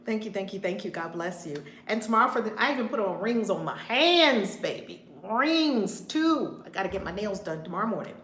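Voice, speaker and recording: Animated woman hosting a live storytime. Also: medium pitch, fairly quick, hardly any pauses, slight background noise. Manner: animated, greets viewers by name mid-story. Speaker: reverend and channel host. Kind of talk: casual live-stream storytime. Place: room in her home. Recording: roomy home room with faint ambience.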